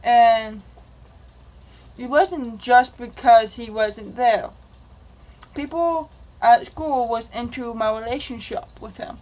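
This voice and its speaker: A woman's voice: a little high, takes it slowly, pauses often, darkish tone, rough recording. A woman vlogger telling a rambling, casual confessional story and acting out the dialogue. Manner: rambling, acts out quoted dialogue.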